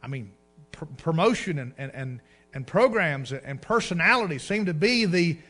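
A man preaching with a high, bright, ringing voice. He builds his points with emphasis, slows right down to read scripture aloud, then lets the ends of phrases fall quiet. The delivery is that of a pastor in the pulpit. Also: animated. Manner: drops to a hushed low voice at line ends. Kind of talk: sermon.

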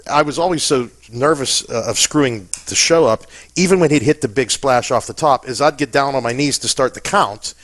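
A man's voice: medium pitch, fairly bright tone, dry recording. A man from Pennsylvania telling stories in a casual interview, chatty and self-deprecating. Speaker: interview guest.

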